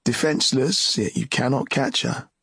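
A man voicing a brooding, regretful young male wizard in an audiobook, speaking gravely and mournfully. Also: mid-range voice, fairly even intonation, normal speed, a bit bright, dry recording, studio quality, voice pushed up. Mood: tender. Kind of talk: audiobook character reading.

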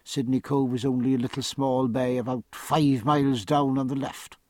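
A man's voice: mid-range voice, level tone, normal speed, a little mellow, no echo, clean studio sound, close to an everyday voice. A man voicing a learned male ship's surgeon who speaks dryly and precisely.

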